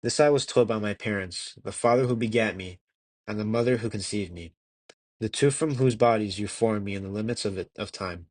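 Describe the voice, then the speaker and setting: A young man with a fairly low voice reads an old devotional text as an amateur audiobook. His delivery is measured and earnest, stumbling now and then and restarting a word. The close, dry recording has almost no room sound. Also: no echo. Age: young adult. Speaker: audiobook reader.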